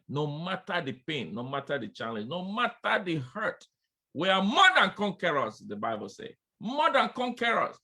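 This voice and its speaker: Male preacher, bright and forceful voice, emphatic sermon delivery with repeated refrains. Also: fairly low pitch, creaky, husky. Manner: emphatic, repeats refrains, calls out "come on, somebody"; addresses listeners directly as friends.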